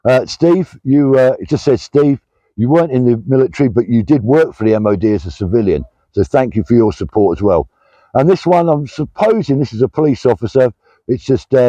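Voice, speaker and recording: An older British army veteran chatting casually on his vlog while out walking, reading out supporters' names with plenty of pauses and restarts. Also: mid-range voice, animated, warm tone, no room sound, lo-fi sound. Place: walking outdoors, pulled over at the roadside.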